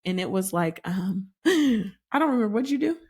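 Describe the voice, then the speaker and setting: Animated woman telling a story. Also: mid-range voice, moderate pace, breathy edge. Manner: animated storytelling, acts out quotes. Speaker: podcast co-host. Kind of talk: casual chat.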